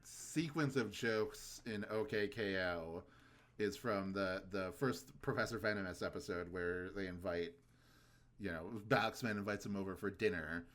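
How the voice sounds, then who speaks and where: A man's voice: deep voice, measured pace, fairly bright tone. A young man co-hosting a cartoon podcast, chatting casually and sometimes quoting lines in silly voices. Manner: laid-back, quotes cartoon lines in funny voices. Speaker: podcast co-host. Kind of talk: casual chat.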